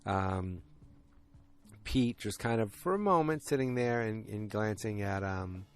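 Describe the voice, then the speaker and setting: This man hosts a podcast, and his voice sits on the low side with lively intonation, unhurried and smooth. He recaps a TV episode in a loose, rambling manner, full of fillers and frequent self-corrections.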